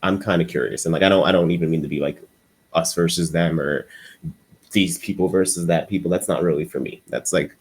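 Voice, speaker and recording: A man's voice: low-pitched, steady tone, fairly quick, husky. A man giving an unscripted commentary monologue for a video essay. He rambles and stutters, restarting his sentences often.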